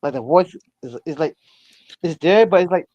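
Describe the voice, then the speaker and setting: A man's voice: on the high side, lively intonation, moderate pace, dry recording, lo-fi sound. A man calling in, telling a story casually in a rambling way, full of fillers and stammered repeats. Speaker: caller.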